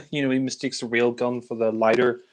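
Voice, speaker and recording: A man's voice: mid-range voice, steady tone, a little slow. Chatty, rambling male film reviewer. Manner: rambling, full of fillers and chuckles. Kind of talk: casual film review chat.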